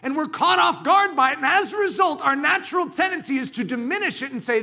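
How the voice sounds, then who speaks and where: A man preaching a sermon as a pastor, talking in an animated, dramatic way with bursts of shouting. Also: very high voice, fast talker, vocal fry, few pauses.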